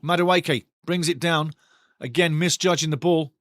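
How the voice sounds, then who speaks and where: Excitable, foul-mouthed male football watch-along host. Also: fairly high pitch, measured pace, no room sound, studio quality. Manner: excitable, blunt and foul-mouthed, swearing freely; bursts louder at big chances. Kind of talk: casual live football commentary and chat reading.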